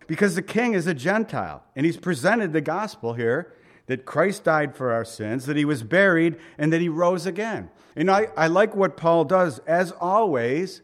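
Conversational man preaching, slightly high voice. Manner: conversational preaching, rhetorical questions, dramatic voicing of quotes. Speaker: pastor. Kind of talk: sermon.

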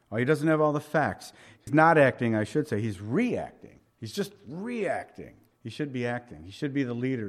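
A middle-aged pastor delivers a sermon conversationally, his voice pitched a little high. He builds toward emphatic peaks, then drops into soft asides.

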